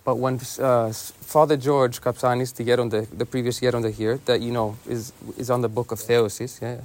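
A young man, a monk, telling a saint's story in a relaxed, casual way with lots of "you know" and "like". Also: mid-range voice, moderate pace. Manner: easygoing, many fillers like "you know" and "like".

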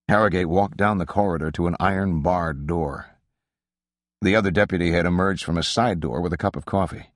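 Audiobook narrator: man, very low voice, measured literary delivery, dry close sound. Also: dry recording. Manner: measured, even literary reading. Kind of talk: scripted narration of a literary novel.

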